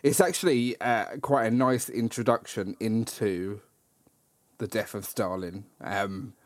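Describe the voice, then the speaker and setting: A man's voice: on the low side, a little slow, dry recording. A man hosting a casual podcast chat about a film, rambling with many ums and frequent laughs. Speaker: podcast host.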